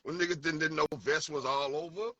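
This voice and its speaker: A man's voice: fairly high pitch, brisk, dry recording, far from the mic. A man with a St. Louis accent, telling stories in a casual debate, acting out quotes with lots of restarts. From St. Louis, USA. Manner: animated storytelling, acts out quotes, many restarts. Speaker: debater recalling music history.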